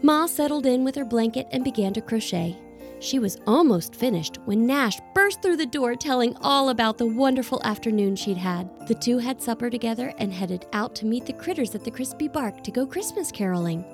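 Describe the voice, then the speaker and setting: A woman narrates a storybook audio drama with a slightly high, gravelly voice. Soft music plays faintly behind her. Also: lively intonation, fairly quick.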